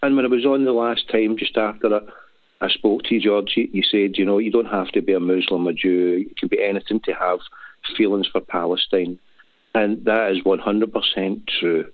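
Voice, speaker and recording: A man's voice: lowish voice, fairly even intonation, moderate pace, no room sound. A man with a Glaswegian accent calling into a talk show, earnest and emotional, rambling with many restarts. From Scotland. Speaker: caller. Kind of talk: emotional phone-in call. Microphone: phone. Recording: dry, tinny phone line.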